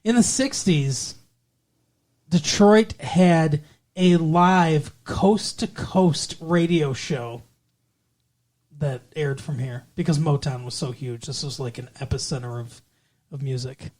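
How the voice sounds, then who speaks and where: A man's voice: on the high side, takes it slowly, a little mellow. Joking man in a casual podcast chat. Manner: joking, teasing, does silly voices. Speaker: podcast co-host.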